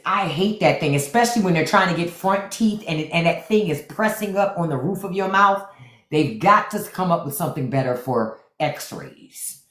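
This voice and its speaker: A woman hosting a casual livestream from home, telling playful stories with excited outbursts, speaking. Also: lowish voice, reverberant. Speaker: livestream host.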